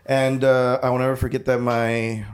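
Man telling road stories in halting bursts. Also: mid-range voice, level tone. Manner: halting, repeats words while telling stories. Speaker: podcast guest, touring musician. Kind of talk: casual chat.

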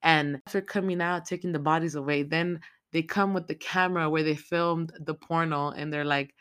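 A podcast host rattles through a movie plot in a loose, casual recap. The talk is packed with profanity and runs on in long, excitable stretches. The pitch sits in an ordinary middle range. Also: moderate pace. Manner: heavy swearing, rambling and excitable.

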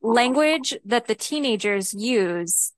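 A woman co-hosting a podcast, excitable and exclaiming, peppering casual talk with 'like'. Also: a little high, slow pace, no echo. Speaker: podcast co-host.

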